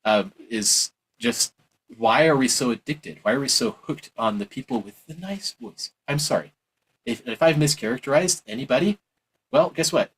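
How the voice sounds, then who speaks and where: A man giving a heated, preachy opinion monologue on politics, mocking others in exaggerated high voices. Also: animated, normal speed, fairly bright tone, slightly rough, poor audio. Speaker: political commentator.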